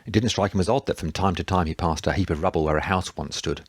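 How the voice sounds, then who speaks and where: A man narrates a novel in a steady, measured read. His voice sits very low, recorded close and dry. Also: slightly rough, no room sound. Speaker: audiobook narrator. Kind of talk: scripted narration.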